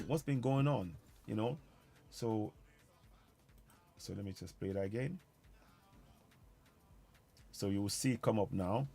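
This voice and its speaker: A man's voice: medium pitch, gravelly. A man hosting a call-in show, urging viewers earnestly and repeating his points. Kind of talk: casual talk to viewers. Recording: music in background. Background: music playing.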